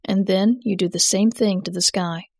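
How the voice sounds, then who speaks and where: A woman reading the part of an eccentric older man who summons floods, talking in a gruff, smug and scolding way. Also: mid-range voice, steady tone, moderate pace, no room sound, clean studio sound. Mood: sly.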